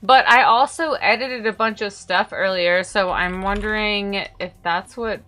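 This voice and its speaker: A woman's voice: medium pitch, unhurried, bright, forceful tone, soft background music. A woman chatting casually on a livestream as a VTuber, giggling and rambling playfully to herself and her viewers. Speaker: VTuber streamer.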